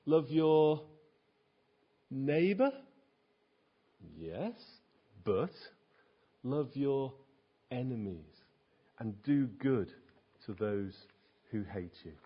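A man's voice: on the low side, expressive, extremely slow, long pauses, husky. A man preaching a sermon in an earnest, emphatic way, asking his listeners rhetorical questions. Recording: dull lo-fi recording.

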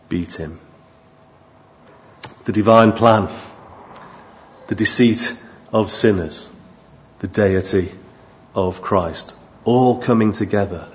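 A man preaching a sermon, moving from quiet, low asides to raised, emphatic appeals to his listeners. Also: a little hiss or hum.

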